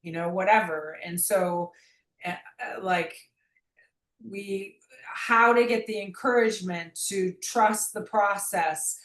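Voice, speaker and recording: A woman's voice: medium pitch, slow, fairly bright tone, roomy sound, rough recording. A woman guest talking about her memoir in an earnest, rambling way, often restarting her sentences. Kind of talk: reflective conversational interview.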